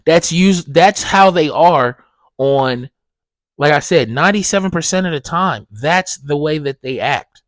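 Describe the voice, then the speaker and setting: Profane ranting podcast host, dry sound. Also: male voice, a little slow, no echo. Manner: profane, animated, gets loud and high when ranting. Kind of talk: casual ranting monologue.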